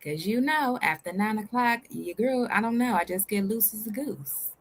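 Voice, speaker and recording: A woman's voice: mid-range voice, lively intonation, normal speed, slight background noise. Sassy lady doing reaction commentary, swears a lot, jokey with the viewers. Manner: sassy, profane, playful with viewers. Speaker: reaction video host. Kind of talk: casual commentary.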